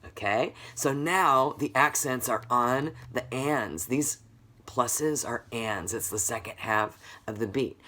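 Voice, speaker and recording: A woman's voice: very deep voice, a little slow, fairly bright tone. Patient woman teaching rhythm. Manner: patient, counts beats aloud and quizzes the class. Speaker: music teacher. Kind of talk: recorded video lesson for children.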